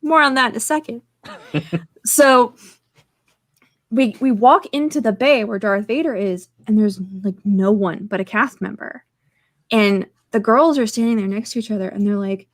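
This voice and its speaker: Woman podcast co-host, higher register, gushing and talkative, dry close-mic sound. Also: normal speed, no room sound. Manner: excitable and chatty, strings stories together with "like". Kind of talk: casual podcast chat.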